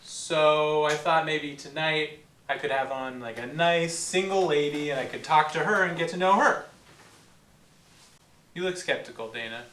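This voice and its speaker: A man's voice: on the high side, measured pace, a bit bright, reverberant, recorded from a distance, slight background noise. A man hosting a comedic talk show, jokey and showman-like in a loose, earnest way. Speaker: host.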